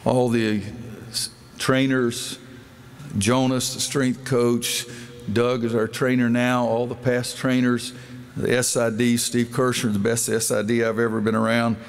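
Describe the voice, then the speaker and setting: A man's voice: mid-range voice, flat delivery, unhurried, faint music behind. A man in his sixties, a basketball coach speaking at a dedication event in a large indoor arena, telling folksy stories and acting out the dialogue in them. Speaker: basketball coach giving a speech.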